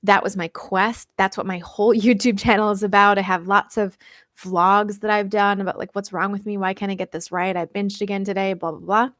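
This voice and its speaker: A woman's voice: medium pitch, flat delivery, a little fast, a bit bright, no room sound, studio quality. An American woman and diet coach hosting a casual live-stream Q&A, chatting with viewers, reading out their comments and laughing often.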